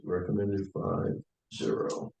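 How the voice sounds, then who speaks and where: A man's voice: sits low, lively intonation, slow, gravelly. A man chairing a town committee meeting, asking plain procedural questions and calling votes. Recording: distant mic in an echoey, noisy room.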